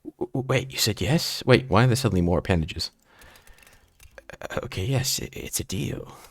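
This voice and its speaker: A shy male creature who hides from the light and flirts clumsily, as a man puts on his voice for a game. He speaks low and soft with a gravelly edge. The sound is dry and close. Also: animated, normal speed, no room sound. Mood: nervous. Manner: soft-spoken and bashful.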